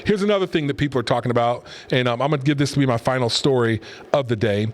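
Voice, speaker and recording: A man's voice: mid-range voice, quick pace. Middle-aged male host, casual opinionated commentary, rambling and mid-range. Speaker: host and pastor.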